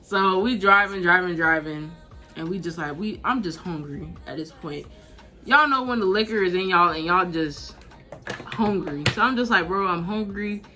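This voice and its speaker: A 19-year-old woman vlogger telling a casual, slangy storytime, animated and laughing as she goes. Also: fairly low pitch, normal speed, faint music behind.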